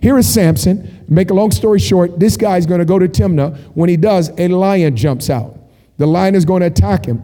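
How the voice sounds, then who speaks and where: A man preaches with a high, very mellow voice, spinning stories with jokey asides. His words ring out with a long hall reverb behind them. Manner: animated storytelling, jokey asides. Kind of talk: sermon.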